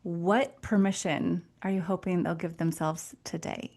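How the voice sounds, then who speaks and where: A woman hosts a podcast interview in a warm, encouraging way, with a slightly low voice. She affirms her guest often and asks open questions. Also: fairly even intonation, unhurried. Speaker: podcast host.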